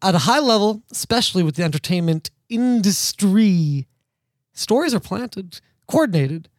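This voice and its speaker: A man's voice: high-pitched, animated, moderate pace, dry recording. A man hosting a podcast in casual chat, sardonic and rambling, laughing often. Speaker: podcast host.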